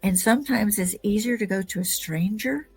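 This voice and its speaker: A woman with a mid-range voice hosts an interview podcast. She keeps affirming her guest with quick murmurs of agreement and speaks with enthusiasm. Faint music sits underneath her. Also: medium pitch, husky. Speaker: podcast host.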